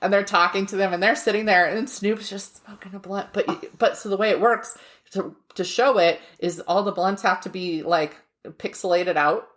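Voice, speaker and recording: A woman's voice: mid-range voice, normal speed. Woman on a podcast chatting away, keeps doing the voices of people in her story and cracking up. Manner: animated storyteller, acts out quotes, laughs often. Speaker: podcast co-host. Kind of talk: casual chat.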